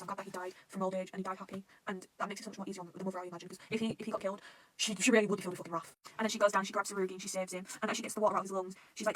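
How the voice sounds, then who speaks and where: A young woman, recapping a manga arc in casual talk, swearing often and acting out the characters' lines with big bursts of excitement. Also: mid-range voice. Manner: excitable, swears a lot, acts out quotes. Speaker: manga reaction host. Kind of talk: casual fan reaction monologue.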